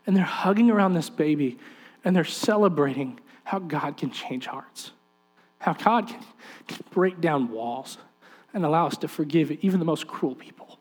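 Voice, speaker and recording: A man preaching, telling a family story with lively acted-out quotes and direct appeals to the listeners. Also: a little high, normal speed, husky. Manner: animated storyteller acting out quoted voices. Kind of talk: sermon storytelling.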